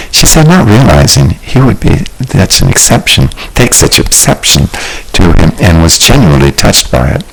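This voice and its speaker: A man narrating a novel as an audiobook, in an expressive, measured storytelling manner. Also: low-pitched, gravelly, slightly rough, poor audio. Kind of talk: scripted narration.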